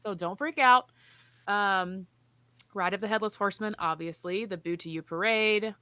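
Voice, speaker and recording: A woman's voice: medium pitch, moderate pace, pushed and bright, no room sound. A woman co-hosting a casual podcast, reading park news aloud with playful asides. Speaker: podcast co-host.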